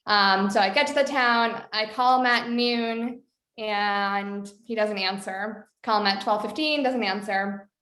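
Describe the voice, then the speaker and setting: Bright chatty woman storyteller, echoey. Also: mid-range voice, unhurried. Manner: chatty, many fillers and "like". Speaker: documentary director. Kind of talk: casual storytelling interview.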